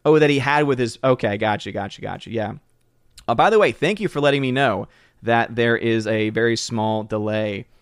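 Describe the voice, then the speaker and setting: A man hosting a casual live stream, greeting viewers by name and reading their comments aloud. His voice is smooth and clear at a middle pitch, and it sounds dry and close on the microphone. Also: moderate pace, dry recording. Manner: chatty, reads chat names aloud with frequent fillers. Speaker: livestream host.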